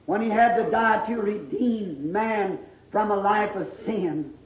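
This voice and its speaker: A preacher giving an impassioned sermon, drawn-out and emphatic, bursting into shouts on key words. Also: medium pitch. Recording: dull, echoey old sermon recording.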